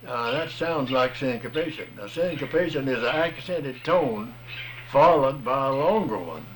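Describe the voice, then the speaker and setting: A plain-spoken man talks through a point step by step, in a folksy, patient manner. His voice sits at an ordinary middle pitch. A faint hiss and some outdoor ambience sit behind him. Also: lively intonation, normal speed. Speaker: music teacher explaining rhythm. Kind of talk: casual explanation.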